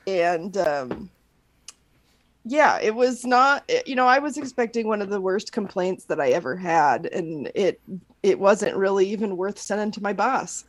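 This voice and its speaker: A woman in a casual podcast chat, talking about her work with a dry, wry sense of humor. Her voice sits at an ordinary middle pitch. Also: lively intonation, unhurried. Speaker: podcast co-host.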